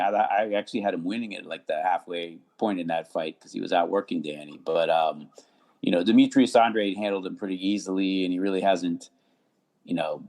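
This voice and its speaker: Male podcast guest, low and gravelly, easygoing and rambling. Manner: relaxed, many fillers and repeats. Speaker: podcast guest, sports attorney. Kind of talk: casual podcast chat.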